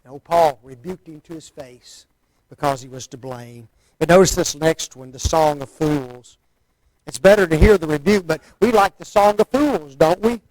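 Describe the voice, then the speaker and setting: A man's voice: fairly high pitch, moderate pace, a little mellow, rough recording. A man preaching a sermon in a folksy, conversational way, often asking the listeners rhetorical questions.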